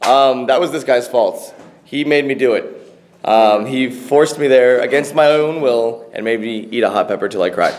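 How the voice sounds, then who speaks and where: A man's voice: medium pitch, normal speed, a little mellow. Playful young man vlogging on set. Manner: joking, playful narration. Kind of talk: casual behind-the-scenes vlog.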